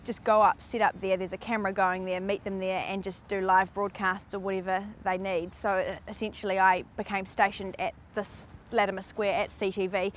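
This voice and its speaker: A woman, a reporter recounting events in an interview in a measured way. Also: mid-range voice, level tone, slight background noise. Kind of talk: recalled interview testimony.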